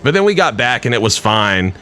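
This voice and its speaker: A man's voice: medium pitch, very animated, brisk, bright, forceful tone, clean tone. A man hosting a casual podcast chat, telling a rambling, profane story full of filler words. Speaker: podcast host.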